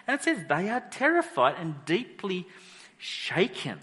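A pastor preaching a sermon, telling the story with animated energy and acting out the characters. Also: male voice, high-pitched, moderate pace, big-room sound. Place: church hall.

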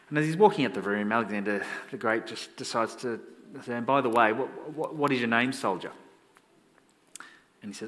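A man's voice: mid-range voice, normal speed. Man preaching casually in a reverberant hall. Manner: conversational, self-deprecating, animated when quoting. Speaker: pastor. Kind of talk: sermon storytelling.

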